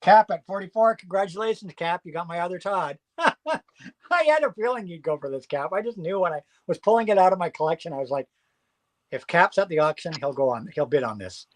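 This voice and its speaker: High-voiced, chatty man auctioning records. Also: fast. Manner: chatty and excitable, rattles off long lists. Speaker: host selling records at a live auction. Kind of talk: casual live-stream auction chat.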